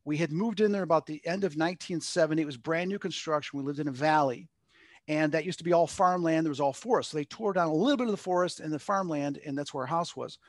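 Fast and fairly high-pitched, this middle-aged Long Island, New York man is a medium being interviewed. He rambles through a personal story, performing quotes peppered with "like," on a dry recording.

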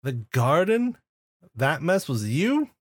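A man's voice: on the high side, big pitch swings, takes it slowly, no echo, studio quality. A man playing a tabletop role-playing game, laid-back, laughing often. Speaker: player.

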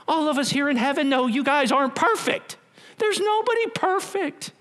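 A man's voice: expressive, moderate pace. A man voicing the Holy Spirit as a cheerful, encouraging male voice during a sermon. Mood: reassuring. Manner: upbeat, reassuring, high and bright. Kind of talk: sermon illustration.

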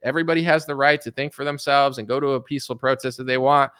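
A man's voice: mid-range voice, steady tone, fast talker, fairly bright tone, smooth. A young man hosting his own show, ranting about politics in a heated, sarcastic, casual way, calling listeners dude and folks. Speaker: political commentary host.

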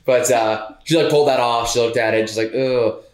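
A man's voice: mid-range voice, fairly even intonation, fairly quick. A man in casual podcast talk, telling a story with energy and easy laughs. His voice sits in a middle range. The recording has a roomy echo around it. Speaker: podcast co-host.

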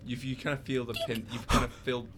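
A man's voice: medium pitch, flat delivery, fast talker, a bit bright, slight background noise. A man narrating as game master in a casual, stumbling way. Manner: casual, stumbling over restarts.

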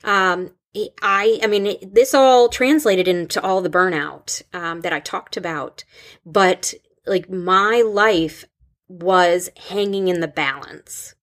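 Woman in her thirties, slow, unhurried speech, lowish voice, casual podcast talk, halting with restarts. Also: fairly bright tone. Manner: halting, with many restarts and fillers. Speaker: podcast host and school counselor.

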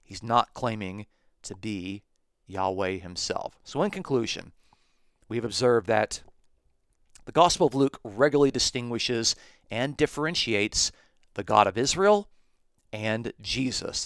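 A man hosting a podcast, reading Bible verses aloud and explaining them in a measured way, slowing down to stress key phrases. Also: on the low side, animated, clean tone, no room sound, clean studio sound. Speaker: podcast host teaching on scripture.

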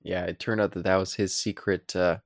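Low, gravelly male podcast co-host, laid-back rambling recap, close dry mic. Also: fairly quick, dry recording. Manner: relaxed and rambling, with playful asides. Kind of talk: casual chat recapping a comic.

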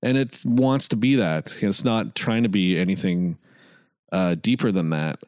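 A man co-hosting a podcast in casual chat, joking and jumping in with quick remarks. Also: lowish voice, no echo, clean studio sound. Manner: animated, quick interjections, joking. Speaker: podcast co-host.

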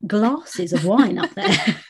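A woman co-hosting a book podcast, talking casually with many pauses and restarts and laughing along. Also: medium pitch, expressive, darkish tone, breathy edge. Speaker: podcast co-host.

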